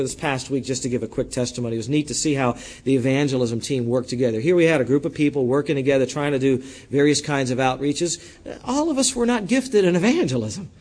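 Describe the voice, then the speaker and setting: A male pastor, preaching a sermon to his congregation and swinging between loud, emphatic lines and quiet asides. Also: a little high.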